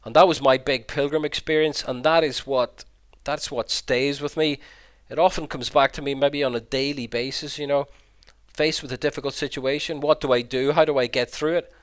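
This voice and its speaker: A man's voice: mid-range voice, steady tone, normal speed. Earnest Irish man telling his story. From Ireland. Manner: earnest, reflective, repeats words as he goes. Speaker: Jesuit priest and pilgrim guide giving a talk. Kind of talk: personal storytelling talk over slides. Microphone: video call.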